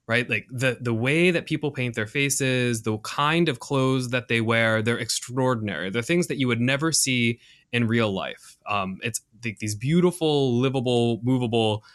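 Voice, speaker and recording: Male podcast co-host, bright clear tone, eager and rambling. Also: mid-range voice, moderate pace. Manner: enthusiastic, rambling with fillers. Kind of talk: casual chat.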